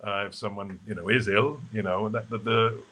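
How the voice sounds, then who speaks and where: A man's voice: on the low side, steady tone, normal speed, sharp tone. A man, a stage actor guest in a casual live video interview, who talks in a chatty, rambling way full of fillers and restarts. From Wales.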